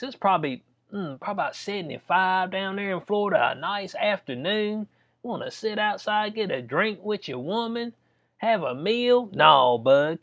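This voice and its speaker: A man from North Carolina delivers a heated, slangy rant, breaking into laughing asides. His voice sits a bit high for a man. The recording is dull and lo-fi. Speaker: commentary vlogger. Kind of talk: casual ranting commentary. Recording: dull lo-fi sound.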